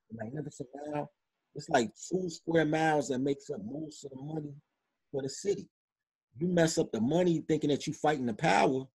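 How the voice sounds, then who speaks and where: A man from Chicago speaks as a podcast guest, blunt and emphatic, with a casual street-style delivery. His voice sits a little high for a man and has a husky edge. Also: a little mellow. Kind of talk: opinionated interview talk.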